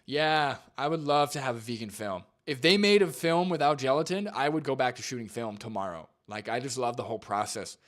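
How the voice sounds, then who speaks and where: Talking fairly quickly with barely a pause, a young man with a mid-range voice runs a live stream where he reacts to a video and replies to chat. He's relaxed and rambling, packing his speech with fillers and constant "like" and "dude."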